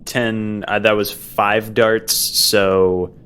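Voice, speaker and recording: A man playing in a tabletop game, slowly counting out dice rolls. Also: on the low side, level tone. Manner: slow, counting aloud. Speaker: player. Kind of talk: casual tabletop play. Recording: faint background noise.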